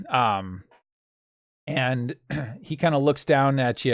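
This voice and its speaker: A man's voice: medium pitch, takes it slowly, creaky, pauses often, no echo, studio quality. A man running a tabletop game as game master, describing scenes vividly and making sound effects with his mouth.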